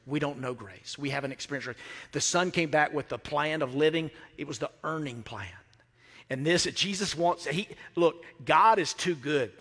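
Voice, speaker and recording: A man's voice: on the high side, normal speed, fairly bright tone. Pastor preaching, middle-aged guy, repeats himself for emphasis, long church reverb. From Mississippi. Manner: emphatic, repeats phrases, asks the crowd questions. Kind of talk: sermon. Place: church sanctuary. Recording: reverberant hall.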